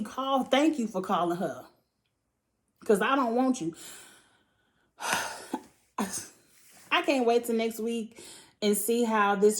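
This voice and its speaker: A woman's voice: a little high, a little mellow. A young woman host casually recapping a reality TV episode, blunt and profane, acting out mock quotes with lots of laughter.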